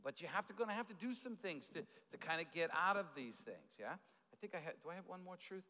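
A man preaching a sermon as pastor, telling stories in an animated way with lots of fillers and restarts. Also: high-pitched, brisk, long reverb tail. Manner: animated storytelling with fillers and repeated starts.

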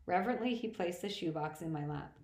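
A woman reading first-person novel narration aloud in a plain, steady manner. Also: lowish voice, brisk. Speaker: audiobook reader. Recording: roomy echo.

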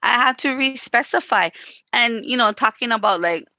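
A woman with a fairly high, sharp voice speaks at a moderate pace in a recording with no room sound. Co-hosting a casual podcast conversation, she tells stories, acts out quotes, and says "you know" and "like" a lot.

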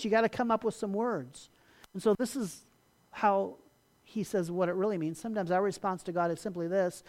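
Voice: medium pitch, a little mellow. Pastor preaching, chatty, lots of "and, and, and" restarts, acts out little bits of dialogue. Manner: conversational preaching with stammered restarts; acts out dismissive replies in dialogue. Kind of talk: sermon.

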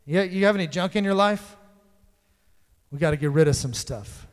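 A man delivers a sermon to his congregation, teaching conversationally and dropping playful asides as he goes. His voice sits high and rings clean. The sound carries a long hall reverb. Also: moderate pace. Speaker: pastor.

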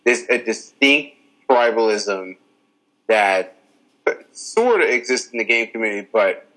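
A man's voice: lowish voice, lively intonation, unhurried, pushed and bright, low-quality recording. A man co-hosting a podcast, mostly chiming in with short agreeing responses. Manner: mostly brief agreeing responses, laughing along. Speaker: podcast co-host. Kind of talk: casual chat.

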